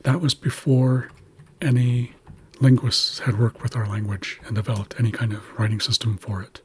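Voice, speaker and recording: A man patiently teaching how to pronounce words in an Indigenous language, slowly sounding out each syllable. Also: mid-range voice, flat delivery, a little hiss or hum. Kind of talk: explaining pronunciation of an Indigenous language.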